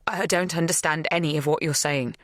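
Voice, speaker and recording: A woman voicing a shaken, confused young woman who answers in tense, halting lines in an audiobook. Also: sits low, steady tone, no echo, studio quality, close to an everyday voice. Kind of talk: audiobook dialogue.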